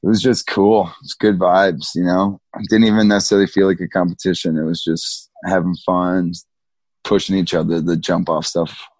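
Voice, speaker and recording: A man in his thirties with a low, husky voice tells skiing stories in a laid-back, slangy way. He laughs often and acts out what others said along the way. The sound is close and dry. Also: flat delivery, normal speed, a little mellow, dry recording. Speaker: guest, big mountain skier. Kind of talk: casual storytelling interview.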